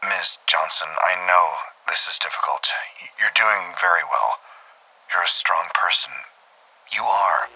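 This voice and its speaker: An actor playing a calm male FBI interrogator who questions a witness in a soothing, near-whispered voice. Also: low voice, measured pace, husky, full character voice, rough recording.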